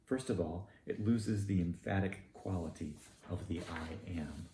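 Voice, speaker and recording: A man with a low voice and a Southern US accent delivers a sermon, placing his emphasis deliberately and pointedly. His tone is dark and mellow, and the recording is roomy and echoey with a faint hum underneath.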